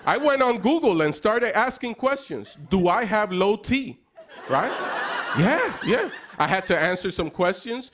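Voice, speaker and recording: Speaking a little slowly in a high-pitched voice, a man in his thirties delivers wry, self-deprecating stand-up on late-night television, now and then yelling excitedly. The broadcast from the studio stage carries heavy crowd noise, with the live audience laughing and clapping.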